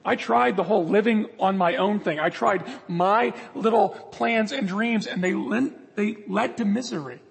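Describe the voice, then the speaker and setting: A man's voice: high-pitched, unhurried, gravelly, hardly any pauses, long reverb tail, a crowd in the background. A man preaching a sermon as a pastor, earnest, acting out prayers and God's replies in the quotes.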